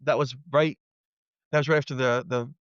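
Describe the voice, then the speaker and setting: A man in his fifties recounts a frightening memory as a podcast guest, earnestly voicing what he was thinking at the time. His voice is mid-pitched. The audio is dry and a little dull, with a lo-fi sound. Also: steady tone, normal speed, no echo. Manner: earnest, vivid retelling that acts out his own past thoughts. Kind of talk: personal storytelling in conversation.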